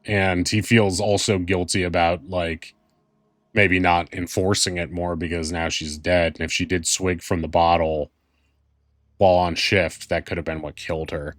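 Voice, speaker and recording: A man's voice: low-pitched, little pitch movement, moderate pace, dry recording. A man narrating as game master, rambling and thoughtful with many fillers.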